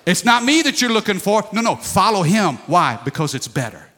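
A pastor in his forties preaches a sermon in a folksy, emphatic style, calling for responses from the congregation. His high, pushed, bright voice swings widely in pitch at a slightly fast pace, and the recording has the long reverb of a large hall.

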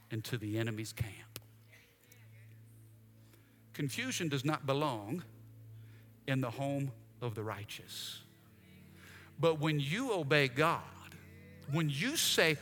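High, bright-voiced preaching pastor. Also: male voice. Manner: animated preaching with acted-out asides and humor. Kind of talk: sermon. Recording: long reverb, faint music behind.

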